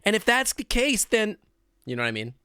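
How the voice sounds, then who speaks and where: A male streamer chats in a joking, rambling way and leans on fillers. His voice is bright and forceful, with lively swings in pitch. The recording is close and dry. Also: fairly quick, clear, resonant tone, no echo. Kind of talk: casual chat.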